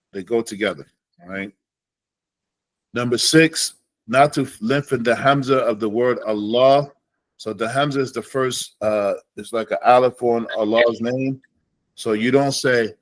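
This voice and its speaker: A man teaching an Islamic studies class in a relaxed way, slowing down to demonstrate Arabic phrases. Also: medium pitch, dry recording, low-quality recording.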